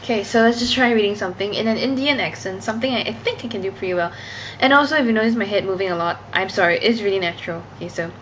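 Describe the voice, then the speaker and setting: A woman's voice: mid-range voice, very fast, fairly bright tone, a little hiss or hum, low-quality recording. A young woman vlogging casually from a Singapore background, a Cantonese native speaker, self-conscious and giggly, rambling. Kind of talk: casual vlog talk.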